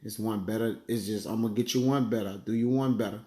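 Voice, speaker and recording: A man's voice: fairly low pitch, fairly even intonation, warm tone. Casual man teaching scripture, echoey room. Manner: conversational, peppers lines with "man" and "all right"; reads verses slowly, searches aloud for passages. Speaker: bible teacher. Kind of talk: casual sermon with scripture reading.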